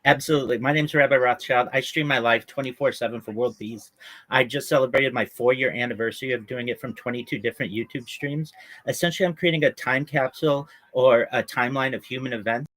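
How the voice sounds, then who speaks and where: A man's voice: fast, a bit bright. A man eagerly describing his round-the-clock livestream project in a casual voice chat. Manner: earnest, eager self-promoting pitch. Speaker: livestreamer guest.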